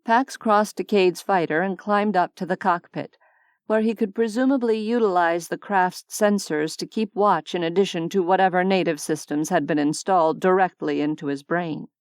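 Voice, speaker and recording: A woman narrating a sci-fi romance audiobook in a measured, even storytelling manner, on a close studio mic. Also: fairly low pitch, no echo.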